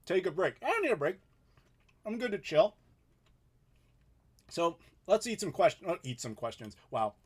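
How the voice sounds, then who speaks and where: This man, in his thirties, has a high, husky voice with big swings in pitch, speaking at a normal speed but pausing often. He's hosting a casual live Q&A from home through a desk mic, chatting easily and breaking into laughter regularly.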